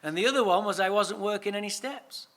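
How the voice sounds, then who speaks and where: An English man speaking at a recovery meeting, telling his own story in a lively, comic way and swearing freely. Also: sits high, a little fast. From England. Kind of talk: storytelling talk.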